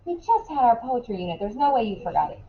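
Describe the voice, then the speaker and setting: A woman teaching a classroom lesson in a casual way, asking quick questions and often checking in with "right?". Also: on the high side, sing-song, muffled recording.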